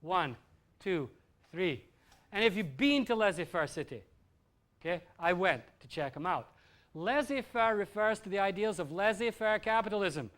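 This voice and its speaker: Animated Scottish man lecturing a crowd. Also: high-pitched, normal speed. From Scotland. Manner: animated, blunt and profane, with asides to the crowd. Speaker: festival speaker. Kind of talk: live lecture to an audience.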